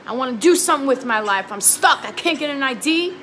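Brief: young New woman, vlogger, high bright voice, venting and pleading with her viewers, faint room noise behind. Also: lively intonation, brisk. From New York. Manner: heated and pleading, swears, repeats herself. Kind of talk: emotional talk to camera.

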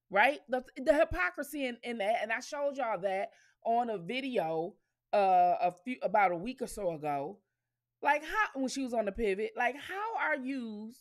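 A woman hosting her own commentary channel, talking straight to her viewers in a blunt, profane rant with lots of emphatic repetition. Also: high-pitched.

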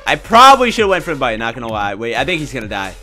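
Excitable young gamer with a bright voice. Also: male voice, fast talker, faint music behind. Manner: swings from mumbling low asides to loud excited yelps; casual, teasing, trash-talking. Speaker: gaming YouTuber. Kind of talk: excited gameplay commentary.

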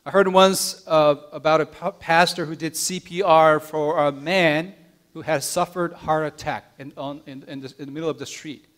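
A man pastor preaching a sermon, telling a story in an earnest, gentle way, often letting his lines drop soft and hushed, with small restarts. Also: a little high, steady tone, normal speed. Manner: small restarts and repeated words.

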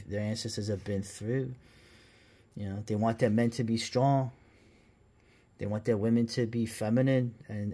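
Rambling, sarcastic husky-voiced man. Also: mid-range voice, a little mellow. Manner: rambling, sarcastic, lots of fillers and restarts. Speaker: reaction video host. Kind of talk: casual commentary over a documentary.

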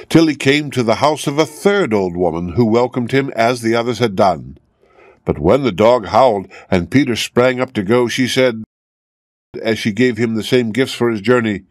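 A man reading a fairy tale aloud clearly and steadily as an audiobook for English learners. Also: mid-range voice, normal speed, dry recording, studio quality. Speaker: storyteller.

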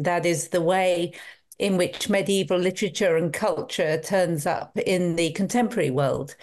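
A woman in her sixties, a guest scholar, answering interview questions in a measured, articulate way. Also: fairly low pitch, a little mellow.

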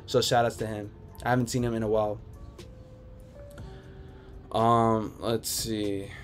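A man's voice: fairly low pitch, level tone, a little slow, soft background music. A man hosting a casual livestream, reading viewer comments aloud and answering them in a laid-back, rambling way from home. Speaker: sneaker livestream host. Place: home room.

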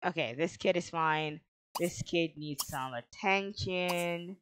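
A woman's voice: fairly low pitch, slow, a bit bright, slight background noise. A young woman giving casual commentary as she plays a life-simulation game, often exasperated and talking back to it. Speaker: gaming video creator.

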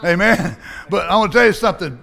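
A man's voice: sits high, lively intonation, fast talker, creaky, bright, forceful tone. A man preaching a sermon with a Southern accent, in a folksy, down-home style. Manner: folksy, preaching with dialect and acted-out voices.

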